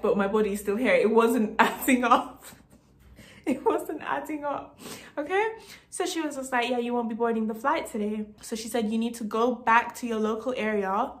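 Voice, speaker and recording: A woman from Jamaica telling a casual storytime vlog story, emphatic, repeating herself and laughing between lines. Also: fairly high pitch. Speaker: vlogger.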